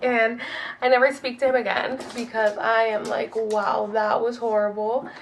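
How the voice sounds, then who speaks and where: A woman's voice: fairly high pitch, little pitch movement, moderate pace, slight background noise. A young woman telling a dating story in a casual, chatty way, full of "like" and quoted dialogue, a little sniffly from a runny nose.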